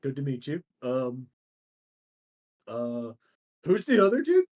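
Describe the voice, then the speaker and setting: A man voicing a big, laid-back male minotaur guard who talks in lazy slang and gets defensive fast. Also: medium pitch, huge pitch swings, darkish tone. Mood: casual.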